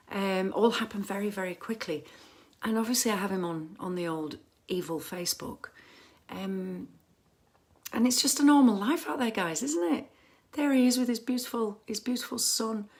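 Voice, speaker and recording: A woman hosting a casual fan livestream from home on her phone camera, chatty and rambling with lots of ums and restarts. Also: mid-range voice.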